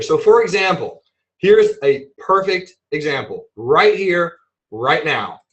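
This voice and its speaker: A man teaching a trading webinar in a playful, animated way, acting out examples as he explains them. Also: on the high side, takes it slowly, poor audio. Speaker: trading instructor.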